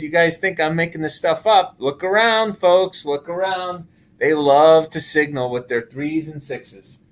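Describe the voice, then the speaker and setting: A man in middle age hosts a casual markets talk, his voice sitting fairly high for a man. He talks in an animated way, exclaiming over numbers and breaking into laughs. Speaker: show host.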